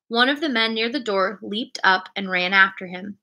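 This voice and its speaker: A woman reading a classic adventure storybook aloud in a clear, expressive storytelling manner. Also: mid-range voice, normal speed, few pauses. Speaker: reader.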